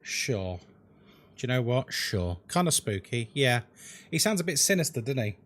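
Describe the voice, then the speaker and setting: A man's voice: medium pitch, moderate pace. A man, chatting casually with viewers as a horror game streamer. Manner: chatty, animated, jokey, talks to chat as folks. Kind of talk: casual live-stream chat.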